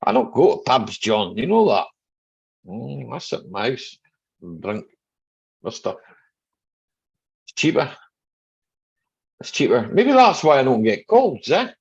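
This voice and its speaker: Slow gravelly Scottish man chatting. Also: medium pitch, huge pitch swings. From Scotland. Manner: chatty, joking, greets viewers by name. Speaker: live stream host. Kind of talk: casual live chat reading viewer comments. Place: at home. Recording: slightly dull lo-fi live stream audio.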